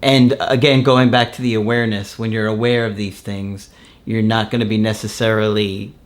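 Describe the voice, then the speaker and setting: A man's voice: fairly low pitch, a little fast. Man chatting loosely as a host. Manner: relaxed, storytelling with many fillers. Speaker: relationship coach and host. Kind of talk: casual podcast chat.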